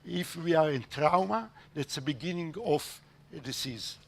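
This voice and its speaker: A man giving a halting conference talk as a panel speaker, with many hesitations. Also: on the high side, creaky, a bit bright, slight background noise.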